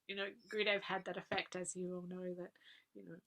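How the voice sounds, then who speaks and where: A woman, earnestly recalling personal memories as a guest speaker, laughing softly now and then. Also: fairly low pitch, level tone, quick pace. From Australia. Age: 40s. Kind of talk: personal reminiscence talk.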